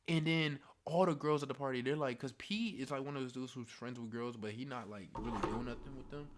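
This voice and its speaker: A young man telling a story to camera in casual slang, animated, dropping to hushed tones and then getting loud. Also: mid-range voice, moderate pace. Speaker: storytime vlogger.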